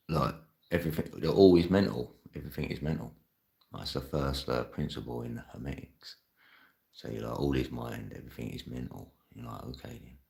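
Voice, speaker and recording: Male live-stream host, extremely low and gravelly voice, loose rambling chat with frequent laughs. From London. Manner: reads and answers viewer chat. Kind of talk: casual live-chat monologue.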